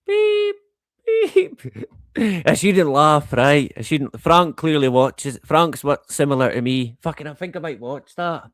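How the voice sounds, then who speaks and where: A man's voice: a little high, unhurried, a bit bright, no echo. A middle-aged man hosting a live stream in casual chat, rambling, swearing freely and chuckling often. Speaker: livestream host.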